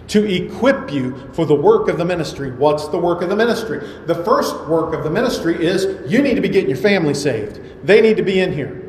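A man's voice: high voice, a little hiss or hum. Man preaching in an echoey church. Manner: emphatic preaching with repeated rhetorical questions. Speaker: pastor. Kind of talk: sermon. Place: church sanctuary. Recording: echoey hall with faint ambience.

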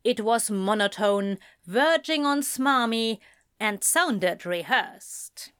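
Slow, measured woman narrator. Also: fairly high pitch, animated, fairly bright tone, clear, resonant tone, dry recording, clean studio sound. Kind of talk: fan fiction audiobook reading.

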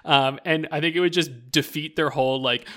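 A man's voice: fairly high pitch, steady tone, fairly quick, pushed and bright. A young man chatting casually as a podcast co-host, rambling with lots of "like" fillers. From rural Canada. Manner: rambling, full of "like" fillers, laughs often. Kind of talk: casual chat about video games.

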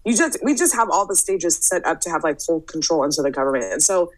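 Woman, podcast host, casual conversation, slightly low voice, brisk, opinionated, filler words. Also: animated, rough recording.

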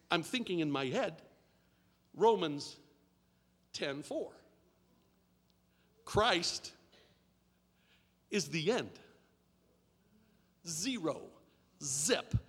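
High, lively preaching man in a hall. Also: slightly rough. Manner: preaching with rising shouted repetition and congregation call-and-response. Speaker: pastor. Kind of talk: sermon. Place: church sanctuary. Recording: long reverb of a large hall.

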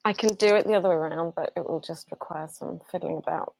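A woman singer-songwriter chatting as an interview guest through phone headphones, self-deprecating and quick to laugh. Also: on the low side, gravelly, darkish tone, slight background noise. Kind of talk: casual interview chat.

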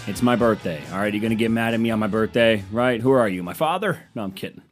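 A man in his twenties hosts his own podcast, delivering a sarcastic, rambling comedic monologue into a desk microphone at home. He talks fast in a lowish voice, with music playing underneath.

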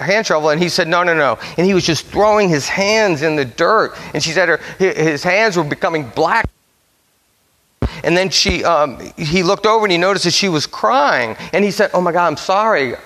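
Male preacher with a somewhat high voice, telling a story from the pulpit in a sermon, easing into quiet solemn phrases; long hall reverb. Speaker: pastor.

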